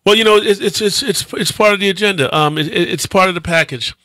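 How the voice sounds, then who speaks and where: Reflective man actor, bright voice. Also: high voice, quick pace, no echo. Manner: hesitant, many restarts, reflective. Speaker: actor and guest. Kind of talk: interview talk.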